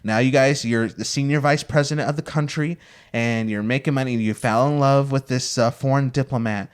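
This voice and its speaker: A man's voice: medium pitch, steady tone, fairly quick, smooth. A young man hosting a podcast, chatty and playful as he sets up hypothetical scenarios. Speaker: podcast host. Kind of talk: casual podcast chat.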